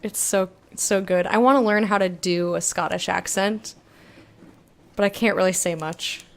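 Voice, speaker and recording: While playing a game on stream, a woman reads viewers' messages aloud and chats with them casually, giggly and laid-back. Her mid-range voice is gravelly, with fairly even intonation and a moderate pace.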